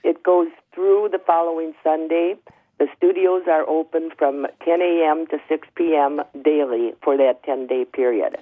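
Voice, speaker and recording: A man on a tinny phone line into a radio studio, his voice pitched a little high. He chats casually and lists things with plenty of ums and uhs, his voice still groggy from the morning. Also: fairly even intonation, moderate pace. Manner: chatty, listing with many ums and uhs. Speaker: potter, phone-in guest. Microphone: telephone.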